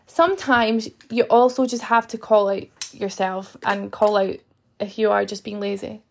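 A woman's voice: mid-range voice, normal speed, gravelly. A young woman, a fitness coach hosting her own podcast, talking earnestly to listeners and acting out little inner voices. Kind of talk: motivational podcast monologue.

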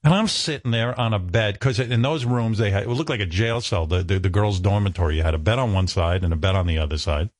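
A man's voice: on the low side, fast, hardly any pauses, dry recording. A man hosting a radio talk show, telling self-mocking comic stories and acting out other people's lines. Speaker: radio host. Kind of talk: comic storytelling chat.

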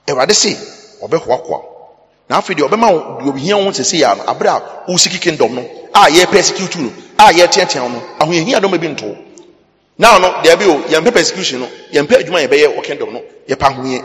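Preaching Ghanaian man in echoing hall. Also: on the high side. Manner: preaching with sudden loud bursts. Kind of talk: sermon. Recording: long hall reverb.

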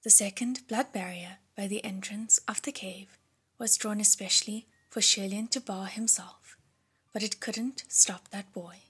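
Woman, audiobook narrator, very husky breathy voice, middle pitch. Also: steady tone, a little slow, fairly bright tone.

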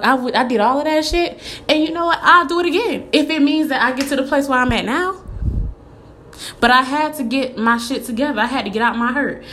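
A woman's voice: high-pitched, a bit bright, slight background noise. A young woman telling her own story in a candid vlog monologue, blunt and profane, driving her points home with repetition. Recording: echoey room with faint ambience.

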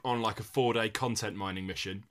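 A man co-hosting a casual comedic podcast, rambling and acting out film scenes with big jumps in pitch. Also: steady tone, brisk, fairly bright tone. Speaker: podcast co-host.

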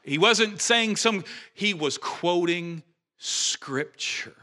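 Man, pastor, sermon, bright forceful voice, animated, conversational, restarts phrases. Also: high voice, drawn-out words. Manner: animated, conversational preaching with restarts and rising emphasis.

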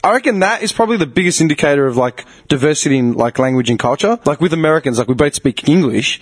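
Husky, lively Australian guy chatting. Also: on the high side, fast talker. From Melbourne, Australia. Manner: swears constantly, laughs loudly. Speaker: podcast co-host. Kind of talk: casual banter among friends.

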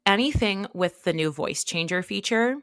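A woman's voice: mid-range voice, expressive, a bit bright, dry recording, studio quality. A young American woman co-hosting a podcast, chatting casually and gushing with lots of "like" asides. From United States. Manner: gushing, filler-heavy, quick asides. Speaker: podcast co-host. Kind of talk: casual chat.

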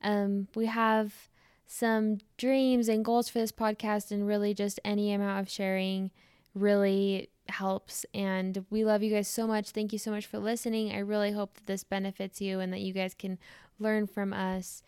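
A young woman hosts a podcast, telling a chatty story crammed with "like" fillers and laughing her way through it. Her medium-pitched voice is a little mellow, clear and resonant, with little pitch movement at normal speed, captured in clean studio sound with no room noise.

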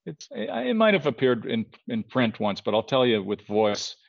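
A man telling a story as a podcast guest, animated, restarting his sentences and acting out the people he quotes. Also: mid-range voice, moderate pace, gravelly, dull audio. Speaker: guest artist.

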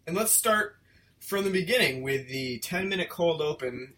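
A man's voice: on the high side, moderate pace, a little hiss or hum. A man co-hosting a casual film review podcast, rambling and joking at his own expense. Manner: rambling, self-deprecating, lively. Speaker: podcast co-host.

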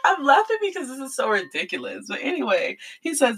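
A woman's voice: high voice, wildly swooping pitch, normal speed, long pauses, fairly bright tone, slightly rough, low-quality recording. A woman hosting her own podcast, talking alone in an emphatic, slangy way and laughing in disbelief. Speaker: podcast host. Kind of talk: solo commentary podcast.

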